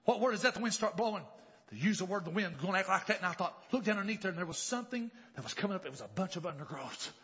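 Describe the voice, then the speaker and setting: A man preaching a revival sermon, telling a story and rising to shouted exclamations. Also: sits high, animated, racing, breathy edge, lo-fi sound.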